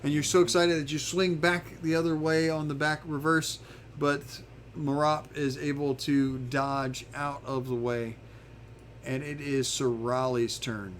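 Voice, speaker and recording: A man narrating a tabletop game as game master, halting now and then with fillers as he describes the action. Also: on the high side, flat delivery, a little hiss or hum.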